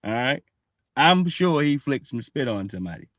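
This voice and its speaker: A man's voice: medium pitch, very animated, normal speed, a bit bright, no echo, clean studio sound. Blunt, profane male reaction streamer. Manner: blunt, profane, keeps saying "all right". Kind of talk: casual reaction commentary.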